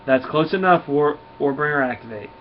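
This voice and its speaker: A man's voice: on the high side, a little fast, close to an everyday voice. A man reading as a ruthless alien slaver captain. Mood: threatening. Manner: cold threatening commands. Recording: dull lo-fi recording, faint hiss.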